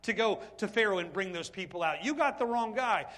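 A man's voice: high-pitched, animated, fairly quick, fairly bright tone. A man voicing a reluctant, self-doubting Moses who pleads that he is the wrong man, in a raised, strained voice. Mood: protesting.

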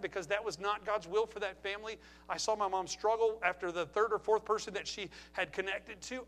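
A man's voice: high-pitched, fairly bright tone. A middle-aged man preaching a sermon in a church, emphatic, firing rhetorical questions and repeating phrases for effect. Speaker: pastor.

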